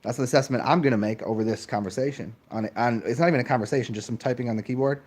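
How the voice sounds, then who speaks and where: A man's voice: very fast, husky. A man ranting in a casual monologue, swearing freely and mocking others in exaggerated voices. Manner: profane, animated, mimics others in high mocking voices. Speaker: channel host.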